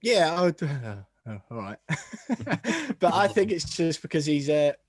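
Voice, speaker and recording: A man's voice: a little high, sing-song, measured pace, husky, no room sound, studio quality. Chatty man hosting a podcast. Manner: chatty, self-deprecating, laughs often. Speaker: podcast host. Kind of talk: casual football podcast chat.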